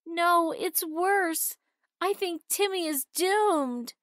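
A woman's voice: high voice, lively intonation, measured pace, pushed and bright, no echo, studio quality, voice pushed up, full character voice. A woman voicing a caring young girl, a worried big sister, in a storybook reading. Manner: urgent, worried.

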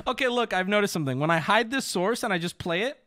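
A man's voice: very high voice, sharp tone. A young man streaming live, flustered and swearing while he fixes his audio, breaking into laughter.

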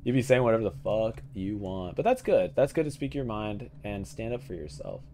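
A man's voice: fairly low pitch, very animated, brisk, mellow, a little hiss or hum. A man hosting a let's-play, giving casual, profane, joking commentary and talking to his viewers as he plays. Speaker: gaming channel host.

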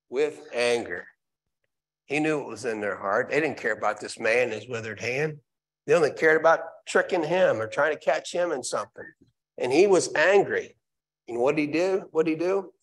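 In a church sanctuary, a man with a medium-pitched voice preaches a live sermon, reading scripture aloud before restating it with emphatic repetition.

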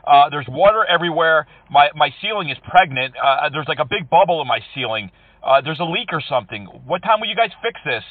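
A man's voice: on the high side, animated, a little fast, no echo, recorded from a distance. A man making a prank phone call, complaining with mock indignation and needling the person on the line. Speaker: prank caller trolling scammers.

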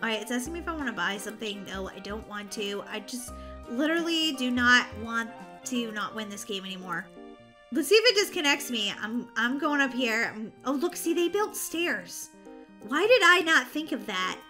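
A woman chats her way through a game in an excitable, bubbly way, easily exasperated when things go wrong. Her voice sits high and sounds sharply bright. Faint music plays underneath. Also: moderate pace. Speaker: gaming channel host. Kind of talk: casual gameplay chat.

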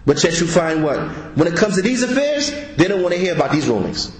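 A man's voice: fairly high pitch, very animated, quick pace. Emphatic male teacher in an echoey room. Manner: emphatic, rhetorical questions and repeated "huh?". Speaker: Islamic teacher. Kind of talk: religious class lecture explaining an Arabic text.

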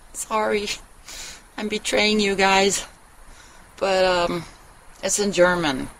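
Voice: medium pitch, steady tone, takes it slowly, a bit bright, a little hiss or hum, low-quality recording. A vlogger talking in a loose, rambling monologue, blunt and full of swearing, often trailing off and starting over. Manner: blunt and profane, trails off and restarts. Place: at home, living in Germany.

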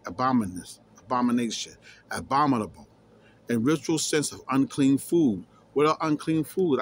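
A man reading scripture aloud and explaining it emphatically, repeating key words and challenging his listeners. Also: mid-range voice. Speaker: scripture teacher.

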